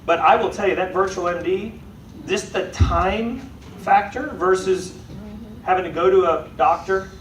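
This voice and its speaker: Guy pumping up a sales team, slightly high voice, echoey room heard from far off. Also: a little slow, a little hiss or hum. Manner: lively, joking, keeps checking in with "right?". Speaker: sales trainer. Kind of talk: motivational sales talk to a live audience. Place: meeting room with an audience.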